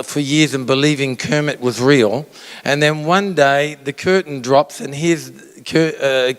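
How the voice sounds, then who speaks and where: A male pastor giving a conversational sermon, asking the audience questions and acting out inner voices. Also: fairly high pitch. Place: church auditorium. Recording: long reverb of a large hall.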